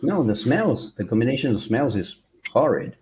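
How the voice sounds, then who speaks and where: A man chatting casually on a live stream and trading deadpan teasing quips. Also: mid-range voice, moderate pace. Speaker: stream co-host. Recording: dull lo-fi audio with faint noise.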